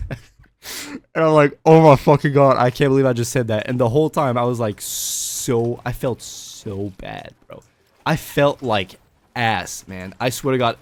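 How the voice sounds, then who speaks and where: A young man tells a personal story to his viewers in a loose, animated way, swearing freely. His voice sits in an ordinary middle pitch. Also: no room sound. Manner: animated, swearing, breaks into laughter. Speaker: vlogger. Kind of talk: casual storytelling vlog.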